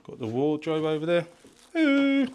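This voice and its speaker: A man vlogging a casual walking tour of an open-air museum, chatty and excitable, talking straight to his viewers. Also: mid-range voice, a little slow. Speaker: travel vlogger. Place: visiting an open-air museum, indoors and outdoors.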